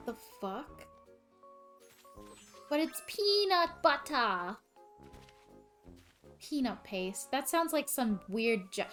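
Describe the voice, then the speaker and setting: A woman chatting casually and swearing freely as she reacts out loud to a video game on a live stream. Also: a little high.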